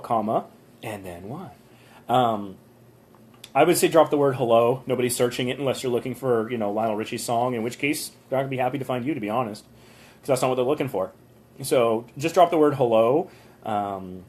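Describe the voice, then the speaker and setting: A man streams live from a motel room on his phone, chatting his way through channel reviews from viewers. His voice is mid-range and somewhat dark in tone, expressive and a touch quick. The talk is loose and rambling, dotted with ums and little rants.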